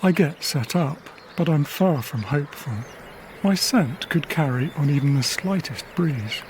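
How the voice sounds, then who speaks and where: An English wildlife cameraman narrates his diary in a quiet, measured, reflective documentary style. His voice is a little high and expressive, with a slight hiss or hum on the recording and faint river ambience behind him.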